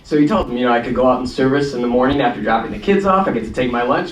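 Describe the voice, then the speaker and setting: A man's voice: medium pitch, rapid-fire, hardly any pauses, slight background noise. Man telling a story in an echoey hall. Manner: relaxed, chatty, self-deprecating. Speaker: storyteller and guitarist. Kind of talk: casual storytelling to an audience. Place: congregation hall. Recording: echoey hall, distant mic, guitar.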